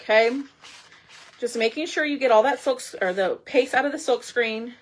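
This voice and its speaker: A woman's voice: a little high, normal speed. A woman chatting casually through a craft livestream, gushing and saying y'all a lot, a little out of breath.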